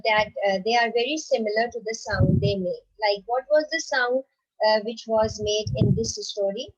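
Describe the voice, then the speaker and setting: A woman teaching a recorded lesson to young children, patiently asking questions, answering them herself and checking in with "right?" again and again. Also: on the high side. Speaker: primary school teacher. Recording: dull lo-fi recording.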